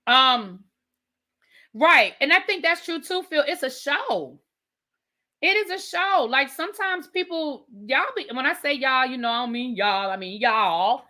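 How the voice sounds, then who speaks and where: Woman host, chatty and emphatic, bright and a touch high, casual live chat with viewers. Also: lively intonation, measured pace. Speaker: livestream host reviewing reality TV.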